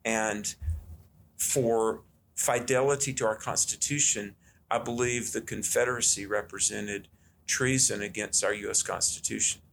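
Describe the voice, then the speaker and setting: A man's voice: on the low side, fairly even intonation, unhurried, gravelly, fairly bright tone, slight background noise. A middle-aged man from the South, talking in a folksy, earnest way as he tells stories from his childhood. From Southern United States. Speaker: guest. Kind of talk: conversational storytelling.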